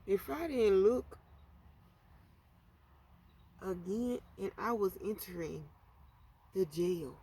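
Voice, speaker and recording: A woman telling a story in a casual storytime vlog, animated and slangy. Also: mid-range voice, slow, pauses often, slightly rough. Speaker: vlogger.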